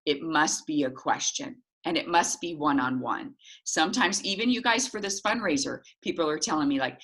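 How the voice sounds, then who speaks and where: Woman, middle-aged, low voice, lively sales coach who acts out dialogues. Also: brisk. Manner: animated, acts out little dialogues with jumps in pitch. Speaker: sales team leader. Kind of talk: coaching talk to a sales team.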